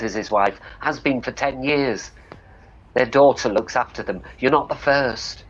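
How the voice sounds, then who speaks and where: A man's voice: mid-range voice, moderate pace, breathy edge. A man giving a live outdoor reading of a monologue play, narrating in a plain, dry storytelling manner. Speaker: tour guide reading a play. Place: outdoors on a town street. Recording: dull lo-fi street recording, faint noise.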